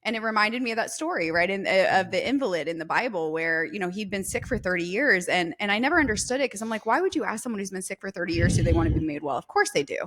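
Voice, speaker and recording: A woman guest, a therapist, telling an emotional personal story in an earnest, emphatic and animated way. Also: medium pitch, quick pace, few pauses, slight background noise.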